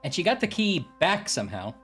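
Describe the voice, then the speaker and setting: A woman chatting casually over a video game with a friend, wry and quick to laugh. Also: fairly low pitch, very animated, fairly bright tone, breathy edge, soft background music. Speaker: game co-streamer. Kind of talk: casual chat over gameplay.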